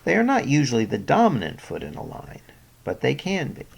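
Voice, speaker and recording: Gravelly, husky male narrator for a poetry lesson, lively pitch, careful and explanatory. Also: a little fast. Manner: clear explanatory delivery, stressing example words. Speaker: poetry teacher. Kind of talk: scripted educational narration.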